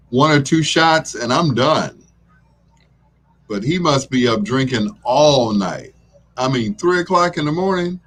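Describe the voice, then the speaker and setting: A middle-aged man hosts a casual talk show in an unhurried, drawling way. He rambles easily, chuckles often, and his voice sits in an ordinary middle pitch. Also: fairly bright tone. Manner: laid-back, rambling, chuckles often, acts out drunks in quoted voices. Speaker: radio show host.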